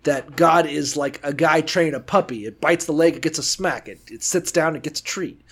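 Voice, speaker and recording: A man's voice: on the high side, a little fast, a bit bright, breathy edge. A man co-hosting a podcast in a casual, rambling way, profane and sarcastic. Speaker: podcast co-host. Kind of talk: casual chat.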